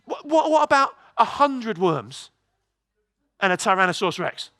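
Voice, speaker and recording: Male preacher, high voice, animated storytelling sermon, stumbles and repeats words. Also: moderate pace, no echo. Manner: lively, storytelling, many restarts and repeated words. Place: church.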